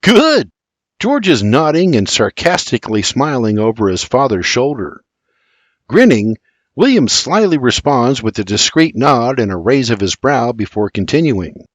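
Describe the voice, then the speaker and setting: Older man, lively audiobook narration. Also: mid-range voice, moderate pace, no echo. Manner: storytelling, expressive.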